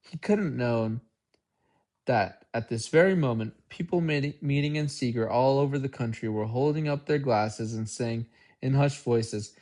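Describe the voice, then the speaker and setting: Male amateur audiobook narrator, unhurried, mid-pitched voice. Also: darkish tone. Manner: unhurried, occasional slips and restarts. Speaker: audiobook reader.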